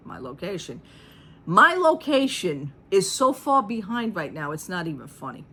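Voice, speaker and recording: A woman's voice: mid-range voice, measured pace. A middle-aged woman chatting in a casual storytime vlog, retelling a store visit with sarcastic asides. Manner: chatty, animated retelling, acting out the people in her story. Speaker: vlogger.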